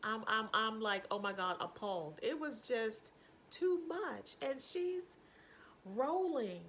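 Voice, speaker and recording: A woman spins a casual story to camera. Her pitch leaps and dips as she gets carried away, slipping into whispers and laughter. A faint hiss sits under the voice. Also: slow, rough recording. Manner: animated, breaks into helpless laughter, drops to whispers. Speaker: vlogger telling a personal story.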